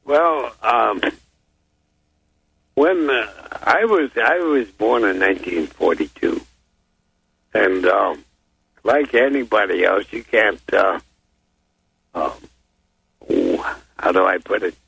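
A man in his sixties from the United States, a guest on a phone-in talk show, speaking in a slow, rambling, hesitant way. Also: on the low side, expressive, creaky, fairly bright tone, slightly rough, dry recording. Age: 60s. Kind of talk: casual interview chat. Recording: phone line.

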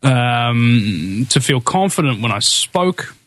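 A man's voice: medium pitch, sing-song, slow pace, fairly bright tone, no room sound. A man hosting a talk radio show, full of fillers and restarts, turning to emphatic, preaching delivery. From New Zealand. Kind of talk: impassioned political talk.

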